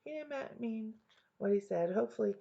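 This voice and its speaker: A woman's voice: a little high, expressive, a little fast, gravelly, dark tone, breathy edge. A woman teacher leading a reading lesson for young students, patiently explaining step by step and checking in often. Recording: dull lo-fi home recording.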